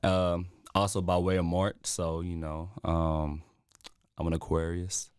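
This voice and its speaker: A man's voice: low voice, flat delivery, a little slow, darkish tone, smooth, dry recording, clean studio sound. A man from Texas, a musician guest on a talk show, easygoing and full of fillers and laughs. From Texas, USA. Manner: easygoing, laughs often, hesitant with many fillers. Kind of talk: casual interview chat.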